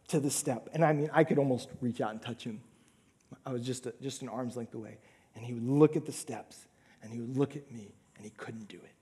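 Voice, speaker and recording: A man preaching a sermon, swinging between loud emphatic lines and hushed, whispered asides. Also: mid-range voice, in a large hall. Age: adult father of a young son. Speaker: pastor.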